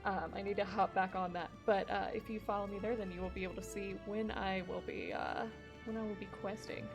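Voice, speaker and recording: Background music plays under this casual gaming stream, where a young woman talks while playing. She has a medium pitch and a steady, brisk delivery, and she rambles, cusses freely and laughs often.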